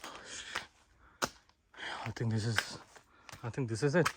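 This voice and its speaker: A young man with a mid-pitched voice talks straight to his viewers as he climbs, excited and a little out of breath. He records outdoors on a handheld phone, and the sound carries clear background noise. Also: fairly quick. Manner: excited, chatty, addresses viewers as guys. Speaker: vlogger. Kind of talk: casual trekking vlog. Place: outdoors on a hilltop fort.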